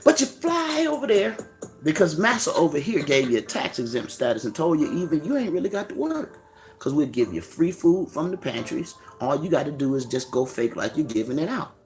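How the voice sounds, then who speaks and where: Man, gravelly voice, pitch swinging wide; fiery street preacher who taunts and jabs, faint music under him. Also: very animated, fairly quick. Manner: fiery, mocking, street slang, rhetorical questions. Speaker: religious commentator. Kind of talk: profane preaching rant.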